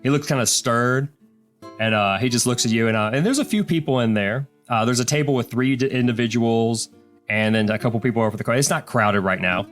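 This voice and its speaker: A man's voice: mid-range voice, a little fast, a bit bright, soft background music. A man narrating a tabletop game as game master, describing scenes in a loose, casual way.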